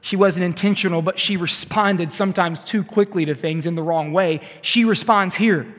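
Youth pastor guy giving a sermon, chatty, high voice, lots of hall echo. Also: normal speed, fairly bright tone. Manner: conversational, retells scripture with asides to the audience. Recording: long reverb of a large hall.

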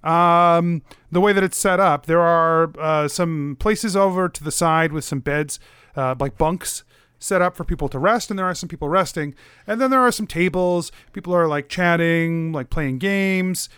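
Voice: mid-range voice, moderate pace, fairly bright tone, smooth, no room sound, studio quality. A game master narrating a tabletop game off the cuff, hesitant and giggly with lots of fillers.

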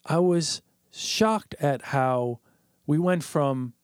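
A man in a relaxed chat, winding through a story with lots of filler and quoted asides. His voice sits at an ordinary middle pitch. The sound is dry and close, with no room around it. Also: very slow, clean tone, no echo. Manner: rambling, lots of "like" and "I was like".

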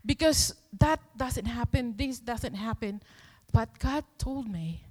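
A woman delivers a sermon at an unhurried, deliberate pace, pressing her points with earnest emphasis and rhetorical questions. Her voice rings out with a long reverb from the church hall around her. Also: on the high side, expressive, husky. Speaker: preacher.

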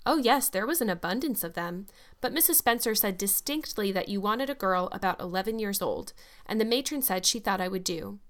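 A woman's voice: mid-range voice, animated, a little fast, a bit bright, close to an everyday voice. Woman doing a gushing, dreamy orphan girl. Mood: eager. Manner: gushing, eager and dramatic. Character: talkative, dreamy orphan girl about eleven.

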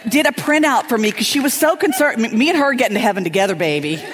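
A middle-aged pastor's wife speaks from the stage at a women's church event, telling lively stories at a quick pace. She is animated, acting out her friends' voices with big jumps in pitch. The stage-mic recording has hall reverb and a noisy background.

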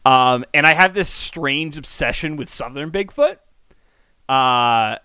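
A man's voice: mid-range voice, lively intonation, slow pace, bright, forceful tone, smooth, no room sound. A man co-hosting a podcast in casual, rambling chat with lots of ums. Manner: chatty, rambling with many ums. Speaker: podcast co-host.

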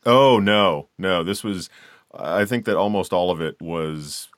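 A man hosting a casual interview podcast, affable and relaxed, telling his own stories. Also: sits low, a little slow, no room sound, studio quality. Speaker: podcast host.

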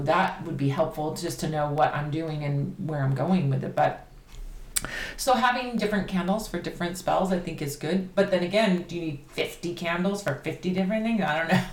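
A woman talking casually on a podcast about candle magic, chatty and animated. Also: low-pitched. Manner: chatty, animated, laughs easily. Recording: roomy echo, faint background noise.

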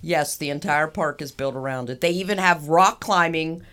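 A woman co-hosting a casual chat, animated and laughing often as she teases her co-host. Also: low-pitched, moderate pace. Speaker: podcast co-host.

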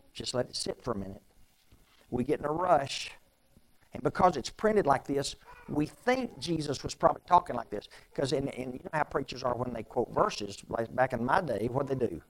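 A man with a mid-pitched voice preaches a sermon. He talks conversationally, repeats his phrases and asks his listeners rhetorical questions. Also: poor audio. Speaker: pastor.

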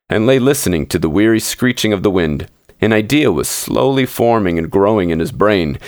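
A man hosting a story podcast, reading a classic short story aloud in measured, steady narration. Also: low voice, no room sound, studio quality. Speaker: podcast host and story reader.

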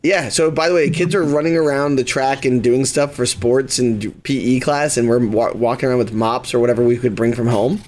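A man's voice: mid-range voice, a little fast, few pauses. A young man, a podcast co-host, telling a story in casual chat and acting out the people in it. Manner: animated storyteller, acts out quoted voices.

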